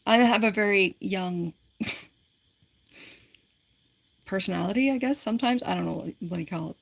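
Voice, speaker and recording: A woman's voice: medium pitch, moderate pace, vocal fry. A woman in her forties on a casual livestream, reading and answering viewer comments in a rambling, giggly way with lots of filler words. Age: 40s.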